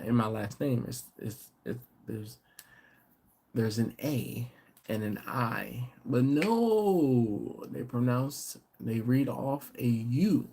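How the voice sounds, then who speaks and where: A man's voice: medium pitch, creaky, mellow, slight background noise. A tired middle-aged man hosting a casual late-night live stream, chuckling and bantering in a laid-back, slangy way as he reads viewer comments. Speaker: barbecue channel host.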